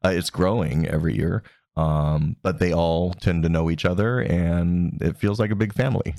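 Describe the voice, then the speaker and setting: Deep-voiced calm male co-host. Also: moderate pace, vocal fry, no room sound. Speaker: podcast co-host. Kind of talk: casual chat.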